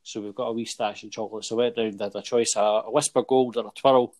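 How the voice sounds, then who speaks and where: A man's voice: on the low side, steady tone, fast talker, darkish tone. A young Scottish man hosting a casual football podcast, jokey and chatty, leading the segments. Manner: jokey, chatty, laughs often. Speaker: podcast host.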